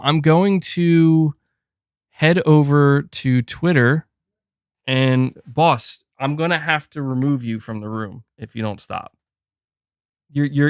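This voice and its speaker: A man's voice: fairly high pitch, clear, resonant tone, dry recording. A man hosting a casual gaming livestream, talking close to a desk mic and chatting loosely, often breaking off to coax his cat. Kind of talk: casual live-stream chat.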